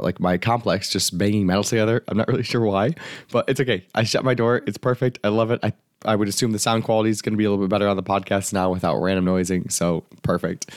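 A man talks to his podcast listeners from home as a life coach. He speaks quickly in a fairly low voice, casual and frank, with a little swearing and laughter. The recording is dry and close. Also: no room sound. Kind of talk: casual solo podcast talk. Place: home apartment.

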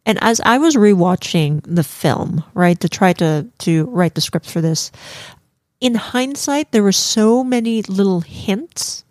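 A woman's voice: mid-range voice, animated, measured pace, darkish tone, no room sound, studio quality. A woman co-hosting a casual film review podcast, emotional and giggly, with many fillers. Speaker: podcast co-host.

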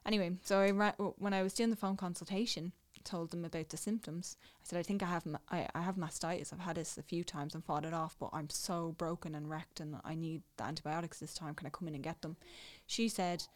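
A young woman with an Irish accent, casually telling a personal story, dropping to a hush and then getting excited. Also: on the low side, quick pace, hardly any pauses. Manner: animated, swings between hushed and excited. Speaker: new mother telling her story.

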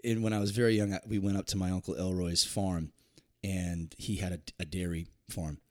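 A man chatting casually as a podcast co-host, telling a story in a relaxed, conversational way. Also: low-pitched, brisk. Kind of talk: casual chat.

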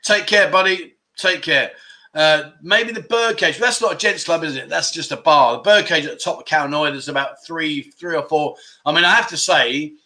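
A man's voice: fairly high pitch, moderate pace, sharp tone. A man hosting a casual livestream, reading out viewer comments in a rambling, jokey way and often losing his train of thought. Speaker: livestream host.

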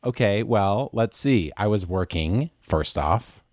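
A man acts out a prickly witness who keeps protesting and objecting. His voice sits low and comes through close and dry, with no room sound around it. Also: animated, slow pace, a little mellow, no room sound. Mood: defensive. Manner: indignant, protesting, repeatedly objecting. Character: defensive male witness turned lawyer, indignant. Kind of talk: improvised courtroom comedy.

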